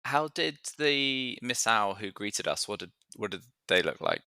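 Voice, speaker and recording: Bright-toned man playing a tabletop game. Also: on the low side, sing-song, unhurried, creaky, clean tone, no echo. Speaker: player.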